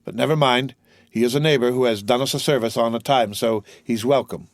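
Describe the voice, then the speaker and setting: A man's voice: mid-range voice, brisk, no room sound, studio quality, natural voice. A man doing an earnest young sailor. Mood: polite. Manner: earnest and emotional. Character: young male sailor, earnest, devoted son.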